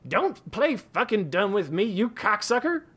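A man's voice: mid-range voice, animated, moderate pace, sharp tone. A man voicing a furious, foul-mouthed frontier sheriff who screams and curses. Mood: screaming rage. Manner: screaming, swearing, explosive.

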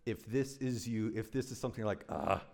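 Male pastor, mid-pitched, preaching with urgent intensity and emphatic repeated phrases. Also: fairly even intonation, fairly quick, dark tone. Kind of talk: sermon.

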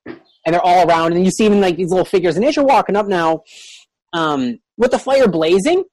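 A game master describing a fantasy scene for players, full of pauses and restarts. The sound is dry and close. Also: medium pitch, lively intonation, darkish tone, dry recording. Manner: hesitant, many fillers and restarts. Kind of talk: narrating a tabletop game.

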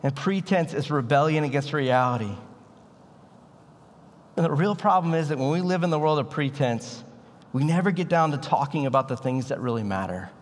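A man's voice: fairly high pitch, expressive, normal speed, in a large hall. A man preaching a sermon as a pastor, in a casual, conversational way with bits of slang. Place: church sanctuary.

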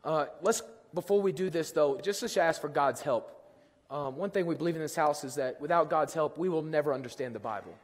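A man with a hoarse, worn-out voice preaching a sermon, telling self-deprecating stories with jokes. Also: on the high side, brisk. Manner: self-deprecating storytelling, lively and joking. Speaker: pastor. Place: church sanctuary. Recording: long hall reverb.

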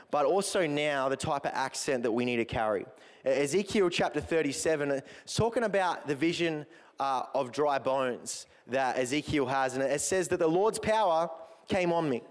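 A man preaching a sermon as a pastor, impassioned and stumbling over repeated words as he builds his points. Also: mid-range voice. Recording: long hall reverb.

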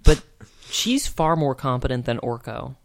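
A man's voice: medium pitch, animated, a little slow, vocal fry, slight background noise. A man co-hosting a podcast, casually rambling and joking as he reviews an old cartoon. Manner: rambling, joking, laughs often. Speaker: podcast co-host.

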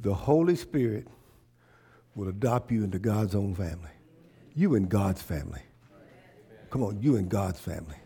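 A man preaching a call-and-response sermon as pastor in a church, swinging from shouting excitement to a low, hushed prayer voice. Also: normal speed, pauses often, breathy edge. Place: church sanctuary.

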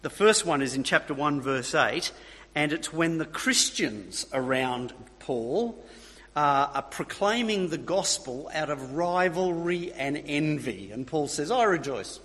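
Slow, husky-voiced male preacher. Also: a little high, lively intonation, a bit bright. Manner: emphatic, repeats key phrases, asks the congregation. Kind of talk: sermon. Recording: long reverb of a hall.

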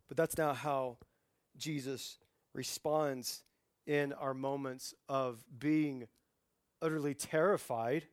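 A man in his forties preaching a sermon in a conversational way, dropping to a hush and then rising into loud, lively outbursts. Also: mid-range voice, takes it slowly, no echo, studio quality. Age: 40s. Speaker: pastor.

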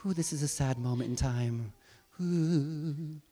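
Brief: a sobbing grieving woman at a tomb voiced by a man, choked wail, raised pitch, long hall reverb. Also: slow pace, warm tone. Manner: wailing, choked.

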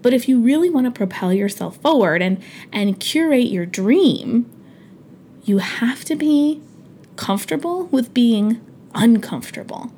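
With a fairly high, warm, animated voice, a woman in her thirties hosts a podcast, speaking a little slowly through a casual motivational monologue. She's chatty and earnest, with frequent fillers and restarts, over a slight hiss or hum.

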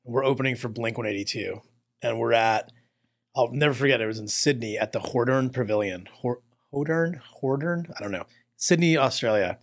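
A man hosting a casual chat, relaxed and quick to laugh, telling anecdotes with asides. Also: mid-range voice, gravelly.

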